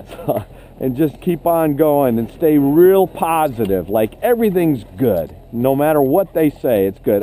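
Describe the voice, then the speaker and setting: A man's voice: a little high, big pitch swings, measured pace, mellow, slight background noise. A man leading an instructor training session, asking the group questions and telling stories. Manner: conversational, asks the group questions, tells anecdotes. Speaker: ski instructor.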